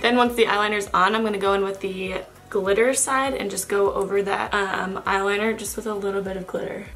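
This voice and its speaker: Young woman with a cold, raspy. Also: mid-range voice, fairly even intonation, a little fast, a bit bright, soft background music. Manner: chatty, self-correcting, apologetic. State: has a cold, raspy and nasal. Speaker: makeup vlogger. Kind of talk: makeup tutorial narration.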